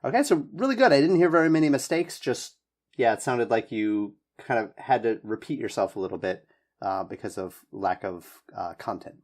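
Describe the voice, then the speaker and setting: A man's voice: medium pitch, lively intonation, normal speed. A man teaching English, giving spoken feedback on a student's answer in an encouraging, hedging way with many fillers.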